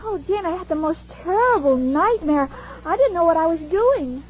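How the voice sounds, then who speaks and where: A woman's voice: very high voice, lively intonation, moderate pace, dull audio. A ditzy young radio-comedy woman. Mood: shaken. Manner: dreamy, naive, literal-minded. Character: ditzy sweet young woman, innocently confused. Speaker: comic lead. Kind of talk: 1940s radio sitcom acting. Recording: 1940s radio broadcast, studio audience, hiss.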